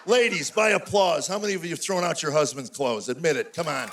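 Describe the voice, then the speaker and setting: An older man doing a stand-up comedy routine on stage, telling stories in an animated, exasperated way. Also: a little high, brisk, few pauses, noisy background. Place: stage before a live audience.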